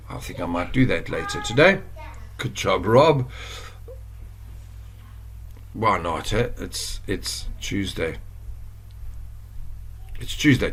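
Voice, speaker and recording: A South African man walks through an online course lesson in a relaxed, chatty way. His voice sits a little low. He wanders off on asides and corrects himself mid-sentence. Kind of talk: casual screen-share tutorial.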